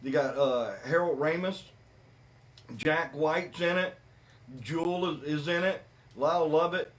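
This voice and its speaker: Man co-hosting a casual podcast, animated and repetitive, voice on the higher side. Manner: animated, repetitive, drawn-out emphasis. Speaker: podcast host. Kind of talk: casual movie review chat.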